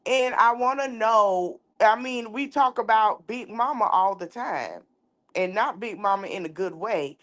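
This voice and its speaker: A woman's voice: fairly high pitch, slow. Outspoken woman podcast host telling a story. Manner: outspoken, animated storyteller acting out dialogue. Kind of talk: candid casual commentary and storytelling.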